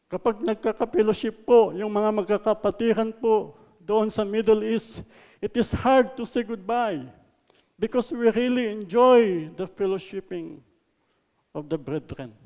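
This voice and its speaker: A man with a Filipino accent preaching a sermon, mixing English and Tagalog, stressing words loudly and then letting lines trail off softly. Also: high-pitched, big-room sound. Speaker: pastor. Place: church hall.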